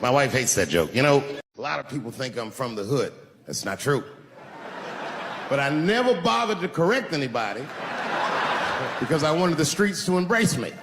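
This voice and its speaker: A man's voice: mid-range voice, normal speed, long pauses, heavy background noise. A man performing a stand-up comedy set, telling stories with punchlines to a live audience. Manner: animated storytelling with punchlines. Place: large live venue. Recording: roomy live hall with crowd ambience.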